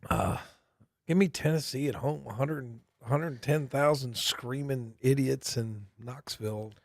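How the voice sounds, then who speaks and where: A man's voice: medium pitch, a little slow. A man on a sports talk panel, teasing and sarcastic with his co-hosts. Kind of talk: casual sports radio banter.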